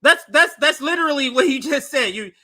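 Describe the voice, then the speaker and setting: A man's voice: extremely high pitch, expressive, brisk, sharp tone. A man in casual political chat, starting and restarting his sentences as he thinks aloud.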